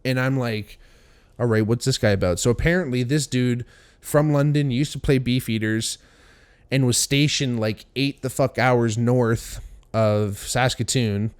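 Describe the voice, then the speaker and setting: A young man hosting a podcast, telling a story casually and animatedly, swearing often and acting out what people said. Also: mid-range voice. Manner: profane, animated storytelling with voiced quotes. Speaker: podcast host.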